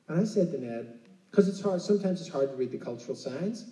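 A man's voice: mid-range voice, lively intonation, quick pace, warm tone, far from the mic. An Irish man preaching a casual, conversational sermon, chatty and often checking in with "right?". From Ireland. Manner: chatty, keeps asking "right?". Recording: roomy, from off mic.

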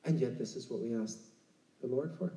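Fairly quick and mellow, a medium-pitched Irish voice preaches a casual, conversational sermon, checking in with "right?" again and again. The distant mic gives a roomy, off-mic sound.

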